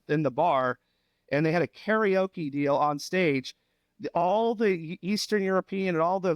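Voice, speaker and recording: A man's voice: on the high side, dry recording. A middle-aged man, a head coach, telling stories in a casual podcast chat and laughing at his own anecdotes. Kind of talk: casual storytelling.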